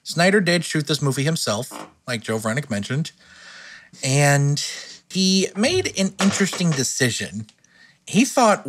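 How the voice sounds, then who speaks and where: Young man, podcast host, blunt and profane, lively pitch. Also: a little slow. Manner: blunt, profane, laughing often. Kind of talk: casual podcast discussion.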